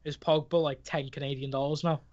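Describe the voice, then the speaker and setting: A man from Liverpool with a Scouse accent, co-hosting a football chat and laughing often between quick remarks. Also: on the high side, flat delivery. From Liverpool, England. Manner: laughs often, quick mate-laced chatter. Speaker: co-host. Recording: dull lo-fi call audio.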